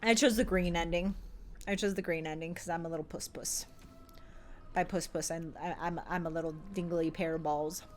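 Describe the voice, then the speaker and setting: A woman game streamer who reads in-game lore entries aloud in a quiet, even voice and chats animatedly with her viewers. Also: fairly low pitch, normal speed, faint music behind. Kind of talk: casual live-stream chat and reading game lore aloud.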